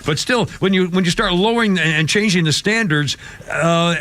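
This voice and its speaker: A man's voice: sits high, normal speed, fairly bright tone, dry recording. A man in his seventies hosting a talk show, ranting in a rambling, heated way with many restarts and at times getting choked up. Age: 70s. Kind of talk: opinionated talk show commentary.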